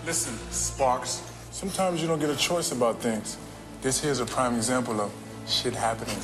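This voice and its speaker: A man's voice: mid-range voice, moderate pace, music in the background, close to an everyday voice. An actor playing a cool, drawling tough guy. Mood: unbothered. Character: gruff man coolly carrying off a woman. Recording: film clip over loud score.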